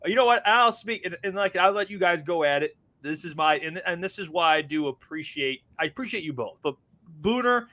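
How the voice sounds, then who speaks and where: A man's voice: sits high, expressive, fairly quick, pushed and bright. A man hosting a sports podcast, talking loosely and profanely between laughs. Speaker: podcast host. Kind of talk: casual sports chat.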